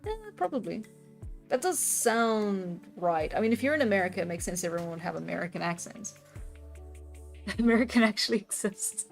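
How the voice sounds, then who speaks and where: A woman's voice: medium pitch, lively intonation, fairly quick, gravelly. A woman chatting casually with her stream audience while she draws, giggling often and reacting to chat. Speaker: live-streaming artist. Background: faint background music.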